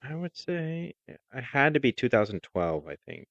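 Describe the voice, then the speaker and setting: A man's voice: mid-range voice, big pitch swings, normal speed, fairly bright tone, no room sound. A man co-hosting a podcast, telling stories in casual chat with blunt, wry remarks and casual swearing. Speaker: podcast co-host. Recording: dry, slightly dull sound.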